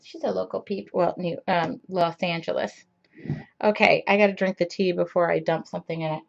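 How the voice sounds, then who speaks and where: Speaking briskly in a low, gravelly voice with fairly even intonation, a woman hosts a laid-back live-streamed art class. She greets viewers by name, chats with them, and talks to herself while painting. The computer mic makes the recording muffled.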